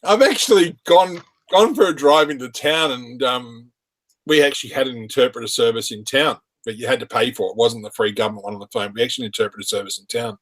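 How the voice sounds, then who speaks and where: A man's voice: mid-range voice, fast talker, fairly bright tone. A man telling rambling work anecdotes in casual chat, laughing often. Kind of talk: casual chat on a live stream.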